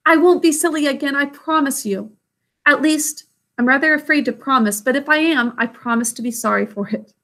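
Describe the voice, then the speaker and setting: A woman's voice: high-pitched, brisk, sharp tone, pitched above the performer's own voice. A woman reading aloud, voicing an eager young princess who asks her grandmother questions. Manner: pleading, questioning.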